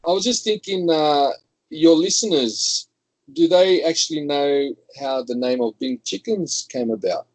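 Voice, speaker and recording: A man's voice: on the high side, a little slow, darkish tone, no echo, low-quality recording. An Australian man, a guest in casual chat, talking in a laid-back, slangy and friendly way.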